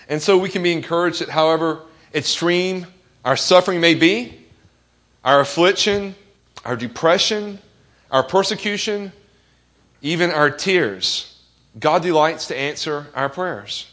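A man's voice: on the high side, lively intonation, a little slow, a bit bright. A man preaching a sermon as pastor, earnest, asking the congregation questions and quoting scripture with rising emphasis.

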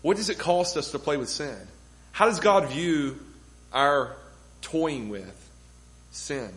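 A pastor preaches to his congregation in a church room, piling up rhetorical questions for emphasis. His voice is fairly high, animated, slow and a bit bright, and the recording is rough.

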